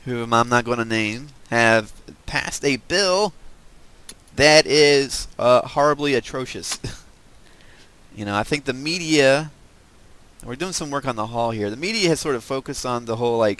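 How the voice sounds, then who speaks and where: A man's voice: medium pitch, expressive, a little slow, a bit bright, no echo. A man with a Southern US accent, hosting a let's-play video and chatting casually while he builds, musing aloud with lots of fillers. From American South. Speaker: gaming video host.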